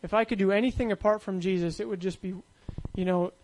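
A man's voice: sits high, fairly even intonation, fast, a little mellow, poor audio. A man preaching a sermon in a loose, conversational way, full of fillers and asides.

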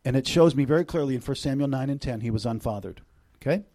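In a mid-range voice and at a fast clip, a middle-aged man preaches as a guest to a church congregation. His delivery is animated, with loud bursts giving way to hushed, intimate passages and playful asides.

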